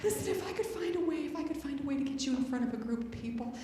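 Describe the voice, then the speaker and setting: A woman spiritual director, giving a humorous sermon and acting out her own scared voice and loud outbursts. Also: high-pitched, very fast, slight background noise. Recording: roomy hall, voice from a distance.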